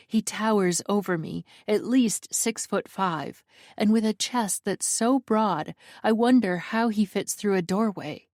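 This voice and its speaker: A woman narrating a first-person dark romance audiobook with a fearful, tense inner voice. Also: medium pitch, no echo, clean studio sound.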